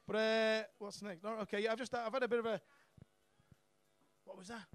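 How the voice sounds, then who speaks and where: A man's voice: sits high, steady tone, a little fast, a bit bright, dry recording, soft background music. A young man doing a stand-up set on a comedy club stage, brash and sweary, laughing at his own jokes.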